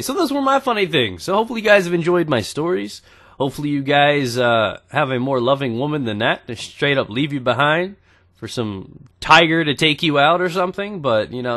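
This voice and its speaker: A man in his twenties telling crude, joking stories over gameplay commentary. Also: medium pitch. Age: 20s. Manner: crude joking, animated storytelling. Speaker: gaming YouTuber.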